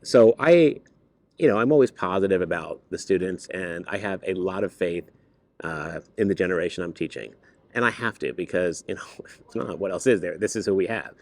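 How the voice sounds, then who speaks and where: A man who is a high school teacher, talking casually to camera in an earnest, rambling way with many fillers and restarts. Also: brisk. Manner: turns lively and higher when driving a point home. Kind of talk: casual vlog talk to camera.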